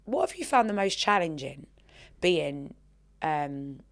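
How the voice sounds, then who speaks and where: A woman's voice: low voice, sing-song, takes it slowly. A woman hosting a casual podcast interview, chatty and swearing freely, calling her guest darling. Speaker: podcast host.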